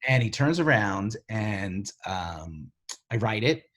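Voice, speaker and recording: Animated middle-aged man, husky voice. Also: fairly low pitch, takes it slowly. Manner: animated, filler-heavy storyteller who acts out quoted voices. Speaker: TV writer and showrunner, interview guest. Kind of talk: casual storytelling interview.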